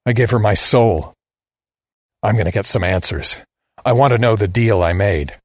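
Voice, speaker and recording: Male audiobook narrator, husky and low, measured, grave first-person read, dry close mic. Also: dry recording. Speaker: story narrator.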